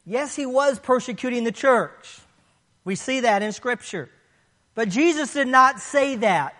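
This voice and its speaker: A pastor preaching a sermon and reading scripture aloud, swinging from loud declarations to hushed, low passages. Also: lively intonation, unhurried, long reverb tail. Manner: reads scripture aloud between points.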